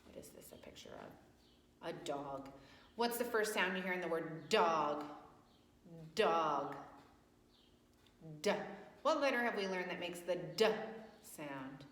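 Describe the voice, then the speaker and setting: A woman's voice: fairly low pitch, animated, takes it slowly, long pauses, a bit bright. A woman teaching young children letter sounds at circle time, asking patient questions and praising answers. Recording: echoey room with long reverb.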